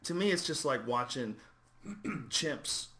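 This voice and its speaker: Animated swearing male podcast host. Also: mid-range voice, takes it slowly. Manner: animated storyteller, swears freely, mimics people. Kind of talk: casual podcast banter.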